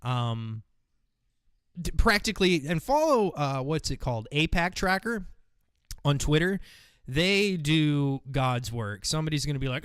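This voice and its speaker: A man's voice: on the high side, big pitch swings, unhurried, a bit bright, smooth, dry recording. A man hosting a casual commentary show, talking in a rambling, profane, mocking way. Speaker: host.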